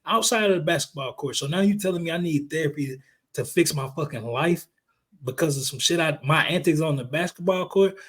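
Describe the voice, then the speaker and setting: A man's voice: on the high side, fairly quick, slightly rough. Heated, profane man ranting about sports. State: hoarse. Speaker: podcast co-host. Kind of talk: casual sports chat and rant.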